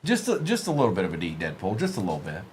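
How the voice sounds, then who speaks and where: A man's voice: deep voice, huge pitch swings, racing, a little mellow, a little hiss or hum. A man hosting a live sports card break, reading out player names from the pulls and chatting casually with viewers in the stream chat.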